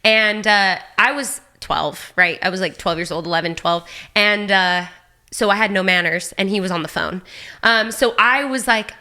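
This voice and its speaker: A woman in her thirties tells a story as a podcast guest, chatty and animated, with "like" sprinkled through every sentence. Her voice is bright and clear, pitched right in the middle for a woman. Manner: animated, fast, peppered with "like". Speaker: podcast guest, Olympic athlete. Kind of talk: casual storytelling chat.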